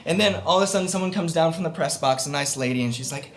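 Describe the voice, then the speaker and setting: A fast-talking young man with a higher-pitched voice stands before an audience recounting something from his own life. He rambles, fills his speech with filler words, and mocks himself for laughs.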